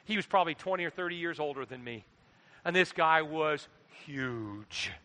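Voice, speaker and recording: A middle-aged man preaching a sermon into a microphone, animated, swinging between quiet asides and loud exhortation. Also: fairly high pitch, normal speed. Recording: long hall reverb.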